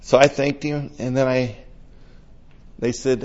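Older male preacher, chatty and emotional storyteller, mid-pitched, muffled lo-fi recording. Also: steady tone, measured pace, a little mellow. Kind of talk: conversational sermon.

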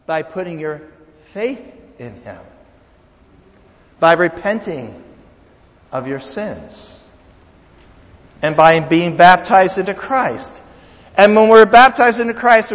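Pastor, male, high voice, animated sermon delivery with loud peaks and soft asides; dull lo-fi sound ringing in a long hall echo. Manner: animated preaching, swings from loud emphasis to quiet asides.

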